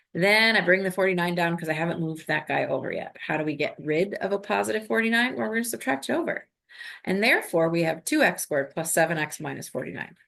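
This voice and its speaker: A woman teaches math on a recorded lesson video, coaching her students through every step with upbeat energy. Her voice sits a little low. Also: creaky, a bit bright.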